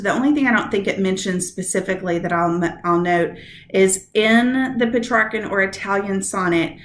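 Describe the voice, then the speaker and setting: A woman teacher giving a recorded lesson on poetry meter, walking through stress patterns slowly and step by step. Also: medium pitch, a bit bright, roomy sound, a little hiss or hum.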